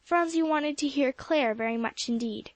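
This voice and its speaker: Excitable, exclaiming young girl, played by a woman reader in a storybook; high and bright on a dry read. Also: normal speed, dry recording, natural voice. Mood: pleading. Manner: gushing, exclamatory. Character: excitable warm-hearted girl Polly.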